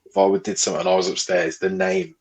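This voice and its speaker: Brief: lower-voiced male co-host, blunt and sweary, sighs between thoughts. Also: very animated, quick pace, creaky. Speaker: podcast co-host. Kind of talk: casual chat.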